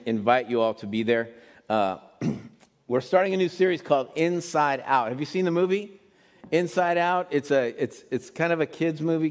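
A middle-aged man, a pastor, preaching a sermon in a casual, rambling way with many restarts. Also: fairly high pitch. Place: church sanctuary. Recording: long hall reverb.

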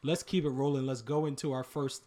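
A young man co-hosting a casual podcast about fatherhood, chatting in relaxed slang and getting animated when he tells stories. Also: medium pitch, brisk. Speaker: podcast co-host.

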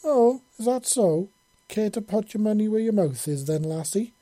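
A man's voice: sits high, animated, moderate pace, mellow, no room sound, voice pushed up. A man doing a cocky old fisherman. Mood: teasing. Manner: jaunty and boastful. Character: cocky older male fisherman, wry and teasing.

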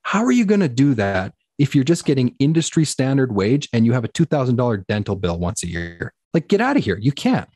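A man who owns a business, telling stories in a fast, animated way with lots of "like"s in a casual podcast chat. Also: mid-range voice, husky, no echo. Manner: fast, animated storytelling with many "like"s. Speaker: guest business owner.

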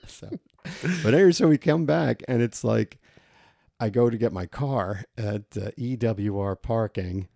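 Low gravelly podcast man. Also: measured pace, warm tone, no room sound, clean studio sound. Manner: swearing, storytelling, laughs easily. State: recovering from a cold. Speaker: podcast co-host. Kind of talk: casual chat.

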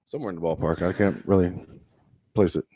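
A man's voice: low voice, steady tone, fast talker, warm tone, slightly rough, no echo. Profane, storytelling young man, dry sound. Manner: profane, drawling anecdotes with acted-out quotes. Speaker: podcast co-host. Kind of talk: casual storytelling chat.

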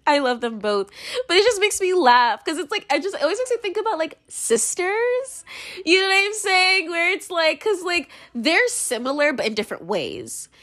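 A woman's voice: extremely high pitch, sing-song, normal speed, fairly bright tone. A young American woman giving her opinions in a casual monologue, rambling, blunt and profane, with lots of "like". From United States. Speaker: commentator.

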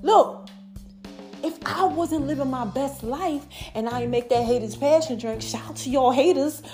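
A woman's voice: sits high, normal speed, dark tone, soft background music. A woman giving a playful, casual motivational talk to her viewers, laughing and acting out little voices. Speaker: vlogger.

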